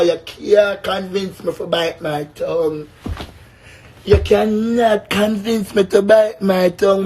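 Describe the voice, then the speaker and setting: A man from Jamaica, speaking with a Jamaican accent in a high, slightly mellow voice, vents casually on camera to his audience. As a vlogger he comes off brash and boastful, dropping frequent swear words.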